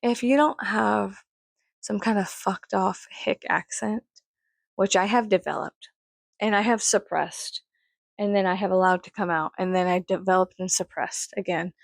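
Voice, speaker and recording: A young female vlogger from Texas, USA, with a mild Texas accent, rambles through a casual monologue, swearing freely and jumping in pitch to imitate other people's voices. Her voice has a gravelly fry, a steady tone and normal speed, recorded dry and close with no room sound.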